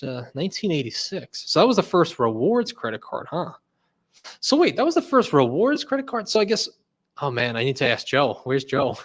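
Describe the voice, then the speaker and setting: A man hosting a casual livestream, rambling and jokey, laughing often and second-guessing himself. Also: on the high side. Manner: jokey ranting. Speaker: host.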